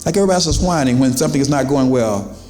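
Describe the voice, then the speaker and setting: A man's voice: mid-range voice, lively intonation, rapid-fire, dark tone, reverberant, soft background music. A pastor preaching to his congregation in a church, in a conversational style with questions to the crowd and quoted voices. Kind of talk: sermon. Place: church sanctuary.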